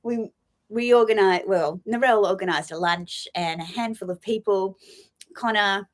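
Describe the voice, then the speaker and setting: A woman's voice: medium pitch, normal speed. A woman hosting a casual live stream about her fashion finds, gushing and emotional, with lots of laughs and fillers.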